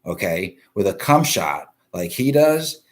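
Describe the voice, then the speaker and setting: Man, fairly low voice, live-stream host, profane, blunt, talks to commenters. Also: sing-song, a little slow. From East Coast of the US. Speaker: livestream news show host.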